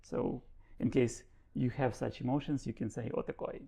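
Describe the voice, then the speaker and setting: A man hosts an interview. His voice is gravelly and mellow, and his English is careful and a little halting. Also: medium pitch, fairly even intonation. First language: Ukrainian. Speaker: host, interviewer. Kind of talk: hosting an interview.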